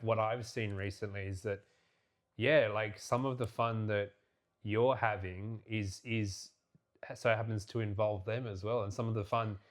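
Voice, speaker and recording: A man co-hosting a casual couples podcast, speaking gently and haltingly, often restarting his sentences. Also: on the low side. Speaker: podcast co-host.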